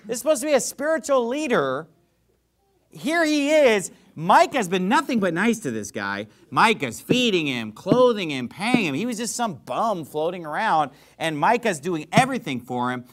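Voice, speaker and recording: A preacher with a high, lively voice, reading scripture and breaking it down in a loose, sarcastic, conversational way. His tone swings up and down as he makes his points. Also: moderate pace. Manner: casual, animated, sarcastic. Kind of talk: sermon, reading and explaining scripture.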